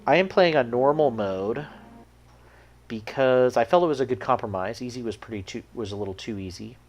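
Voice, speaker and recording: A man's voice: medium pitch, brisk, darkish tone, slight background noise. A man streaming a video card game, thinking aloud and explaining the rules as he plays. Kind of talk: casual streaming commentary.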